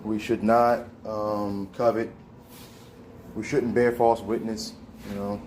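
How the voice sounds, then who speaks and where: A man's voice: on the low side, little pitch movement, slow, a little mellow, a little hiss or hum. Slangy man musing on scripture. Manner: slangy, conversational street talk. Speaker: host. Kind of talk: casual spiritual monologue.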